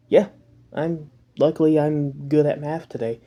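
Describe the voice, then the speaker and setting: A man's voice: on the high side, steady tone, measured pace, mellow. A man casually reacting to a video at home, rambling, swearing and making self-mocking jokes.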